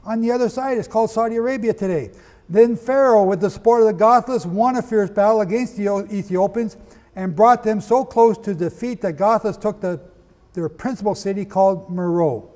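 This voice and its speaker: A man's voice: high voice, brisk, darkish tone. A man teaching a lecture-style sermon, reading quotations aloud and asking the audience questions. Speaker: Bible teacher. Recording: long hall reverb.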